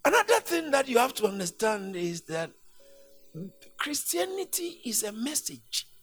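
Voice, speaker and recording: A man preaching a sermon, emphatic and repetitive, swinging from hushed lines to shouts. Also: extremely high pitch, big pitch swings, a little slow, slightly rough, soft background music.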